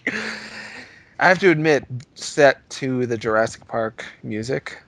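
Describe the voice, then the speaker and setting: A man's voice: medium pitch, lively intonation, slow pace, a bit bright, no room sound. A man co-hosting a comedy podcast, reacting with dismay and self-deprecating jokes. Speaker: podcast co-host.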